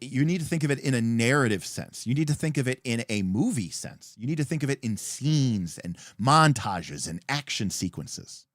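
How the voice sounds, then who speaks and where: A man hosting a livestream, explaining tabletop game rules with emphatic, animated delivery and frequent fillers. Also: mid-range voice, no echo, clean studio sound. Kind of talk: livestream talk.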